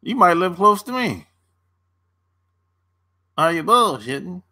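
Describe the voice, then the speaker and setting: A man's voice: high voice, sing-song, slow pace, bright, forceful tone. A man coaching on dating in a casual livestream, laid-back, chuckling often and answering viewers' chat by name.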